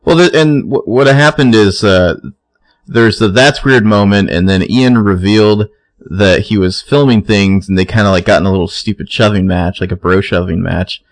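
A man's voice: fairly low pitch, moderate pace, dry recording. A man co-hosting a podcast, laid-back and wry as he recaps a TV episode. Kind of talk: casual chat.

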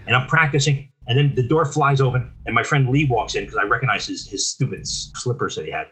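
An older man from New Jersey tells stories as an interview guest, with a husky, breathy edge to his voice. His tone is bright and forceful, and he talks in animated bursts full of restarts. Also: on the low side, a little fast. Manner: animated storyteller, frequent restarts. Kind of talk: casual storytelling interview.

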